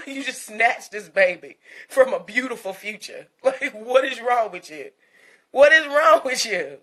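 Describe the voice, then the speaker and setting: Woman, commentary host, bright voice, profane, mocking, laughing, blunt rant. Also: fairly high pitch.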